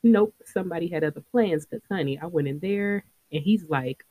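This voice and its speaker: A woman's voice: fairly low pitch, normal speed, mellow. A woman in her thirties tells a personal story to her podcast listeners in a loose, chatty way. Her voice rises and falls a lot, and she laughs often as she talks. The sound is dry and close, with no room echo. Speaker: podcast host.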